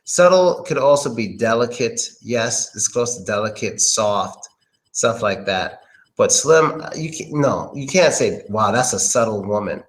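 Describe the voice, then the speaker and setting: A man's voice: mid-range voice, animated, unhurried, low-quality recording. A man giving a casual pronunciation lesson, thinking aloud and often hesitating. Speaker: English pronunciation tutor.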